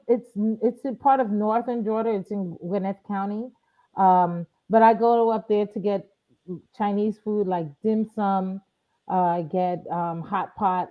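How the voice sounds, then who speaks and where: New lady tutor chatting on a podcast, animated, kinda muffled lo-fi audio. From New York. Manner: animated, acts out quoted speech in a higher voice. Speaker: Chinese tutor, guest. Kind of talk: casual interview chat. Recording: dull lo-fi audio.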